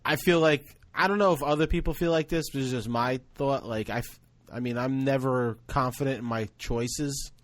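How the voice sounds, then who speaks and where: A man's voice: mid-range voice, moderate pace, dry recording. A man hosting a podcast, telling rambling, self-deprecating family stories in casual chat. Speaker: podcast host.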